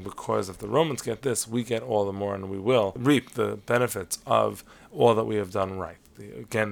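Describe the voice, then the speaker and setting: A man giving a measured, explanatory Torah lesson, weaving Hebrew terms into his teaching. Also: fairly low pitch, gravelly. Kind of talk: lecture-style lesson on Talmud stories.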